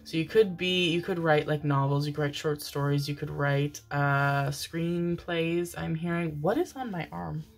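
A woman's voice: deep voice, measured pace, creaky, hardly any pauses. A woman giving a casual, rambling tarot reading, affectionate and loose, with frequent fillers and casual swearing. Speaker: tarot reader. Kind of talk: casual intuitive reading monologue.

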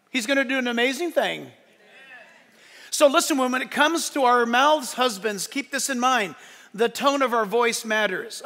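A male pastor preaching a sermon in a church, swinging between loud emphatic lines and hushed asides. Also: extremely high pitch. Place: church sanctuary. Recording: long church hall reverb.

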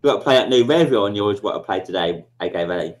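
A man's voice: on the low side, lively intonation, quick pace. A man hosting a casual livestream chat, sweary and blustering, often repeating himself. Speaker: livestream host.

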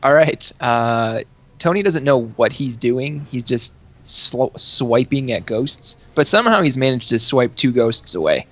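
A man's voice: lively intonation, measured pace, a bit bright. A man running a tabletop game as dungeon master, teasing his players and laughing often. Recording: dull low-fi sound with faint music.

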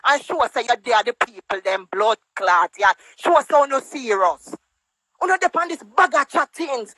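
A woman's voice: normal speed, a bit bright, no room sound, low-quality recording. A woman with a Jamaican accent ranting angrily on a social media live stream over a phone, scolding and mocking in patois. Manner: angry, scolding, mocking quotes in higher voice. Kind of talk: heated live-stream rant.

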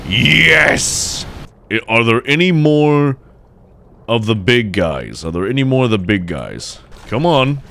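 A young man giving jokey, excitable let's play commentary as he plays, cheering on his fish and breaking into shouts. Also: fairly low pitch. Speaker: gameplay commentator.

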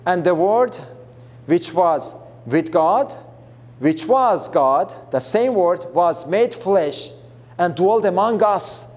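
A man's voice: high voice, expressive, slow, a little mellow. A man preaching a Bible lesson in an earnest, emphatic way, repeating himself and restarting phrases as he explains. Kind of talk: Bible teaching.

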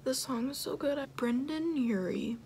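Excitable young woman, often whispering. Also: high voice, a little slow, slight background noise. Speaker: vlogger reacting to a music video. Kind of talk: casual reaction vlog.

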